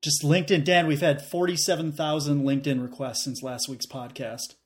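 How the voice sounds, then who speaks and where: A man co-hosting a casual sports podcast, riffing with deadpan jokes. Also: on the high side, normal speed. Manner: jokey, deadpan riffs. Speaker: podcast co-host.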